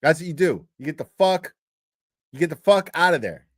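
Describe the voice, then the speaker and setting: A man's voice: a little high, animated, moderate pace, dry recording, studio quality. A man hosting a commentary show, delivering a crude, profane rant with emphatic repetition. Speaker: commentary host.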